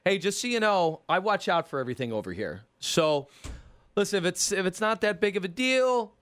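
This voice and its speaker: A man voicing a smooth-talking male neighborhood extortionist, falsely friendly with a menacing edge. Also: sits high, very animated, brisk, a bit bright. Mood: insistent.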